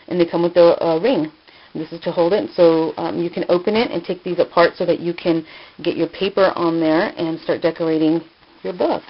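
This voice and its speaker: A woman hosting a casual hands-on crafting tutorial, talking informally with many fillers and self-corrections. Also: fairly low pitch. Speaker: crafting channel host. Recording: dull lo-fi home video sound.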